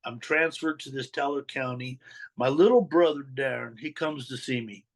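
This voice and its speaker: A man's voice: medium pitch, normal speed, poor audio. A middle-aged man, a guest on a podcast, telling his life story candidly in blunt street slang and acting out the voices of the people in it. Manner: street slang, swears, acts out quoted dialogue.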